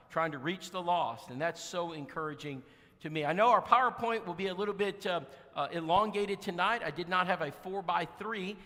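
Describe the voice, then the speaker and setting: A man delivers a storytelling sermon in a church auditorium, his voice pitched high and ringing bright. He talks in a folksy way, full of fillers and restarts. A long reverb from the hall trails each phrase. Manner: acts out voices in his stories. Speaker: guest preacher.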